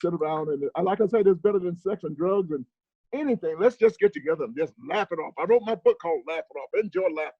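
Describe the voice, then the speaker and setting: A man, a guest comedian, chatting casually on a video call and acting out family stories with animated delivery. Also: high-pitched, fast, no room sound, dull audio. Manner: animated storyteller, mimics his dad. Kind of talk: casual chat.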